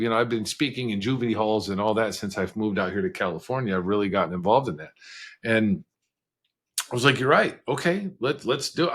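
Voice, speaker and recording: A man speaking as a podcast guest, telling his story in a frank, conversational way with quick bursts of speech and occasional laughs. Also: on the low side, a bit bright, slightly rough. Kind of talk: candid storytelling interview.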